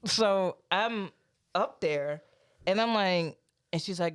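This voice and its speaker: A woman's voice: on the low side, takes it slowly, smooth. A woman hosting a podcast, telling a church story in casual chat, swearing freely and laughing often. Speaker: podcast host.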